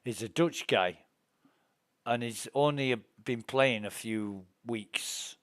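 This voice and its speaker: A man's voice: mid-range voice, slow pace, fairly bright tone, no echo, studio quality. A middle-aged man, streaming a space game and telling rambling, profane, indignant stories. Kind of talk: casual gameplay chat and storytelling.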